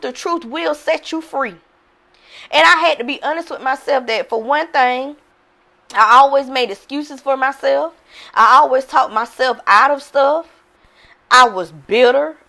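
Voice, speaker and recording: A woman's voice: on the high side, a bit bright. A woman mindset coach giving a candid motivational talk, speaking frankly, repeating herself and often calling out to her listeners.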